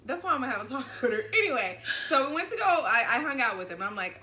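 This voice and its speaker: Woman from Southern California, rapid storytelling, fairly high voice, echoey room. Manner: animated, profane, acts out quoted lines. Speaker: co-host telling a story. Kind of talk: casual storytelling chat.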